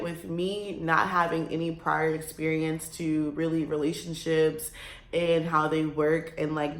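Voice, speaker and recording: A young woman in her twenties talks to her viewers in a loose, confessional way, wandering through her thoughts and laughing now and then. Her voice sits slightly low for a woman, and the room gives it a noticeable echo. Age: 20s. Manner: rambling, candid, laughs between remarks. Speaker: vlogger. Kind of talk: casual confessional chat.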